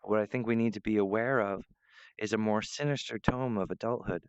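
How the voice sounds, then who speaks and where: A man's voice: fairly low pitch, fairly even intonation, a little fast, clean tone, dry recording, highs cut off. A man rambling in a monologue to camera, meandering, restarting often and breaking off to apologize. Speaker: vlogger.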